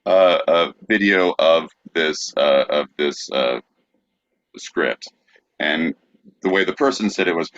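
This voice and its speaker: A man's voice: rumbling low, slow pace, fairly bright tone, no room sound. A man co-hosting a podcast, hesitant and dry as he reads out bits in comedic banter. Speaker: podcast co-host. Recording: dry, dull lo-fi sound.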